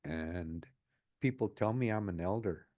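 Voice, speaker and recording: In a reflective interview, a man in his sixties, probably late sixties, speaks earnestly as a community advocate. His voice is low and dark, his pace measured, and he often repeats his phrases.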